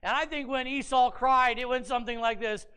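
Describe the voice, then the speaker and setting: A male pastor preaching a sermon as an animated storyteller, dramatizing scripture with rhetorical questions to the congregation. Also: extremely high pitch, a little fast, heavy background noise. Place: church sanctuary.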